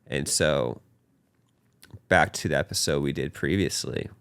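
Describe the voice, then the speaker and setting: A man's voice: rumbling low, unhurried, creaky, clear, resonant tone, dry recording. A young man hosting a podcast, talking earnestly about faith in a casual chat. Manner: earnest, animated, talks with his hands in quoted voices. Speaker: podcast host.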